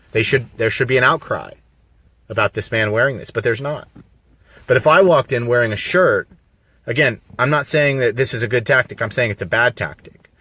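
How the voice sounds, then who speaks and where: A man with a medium-pitched, fairly bright voice delivers a casual, rambling, emphatic monologue on a live video stream, packed with rhetorical questions. He is heard with no echo through a phone on a mobile signal.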